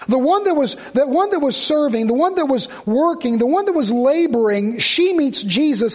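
A man's voice: very high voice, lively intonation, moderate pace, few pauses. An older man preaching a funeral sermon, reading scripture aloud and repeating phrases fervently for emphasis. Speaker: pastor.

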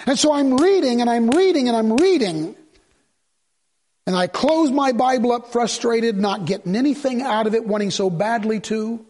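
A man preaching a sermon, reading scripture slowly and building to impassioned, emphatic appeals. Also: very high voice, a little mellow.

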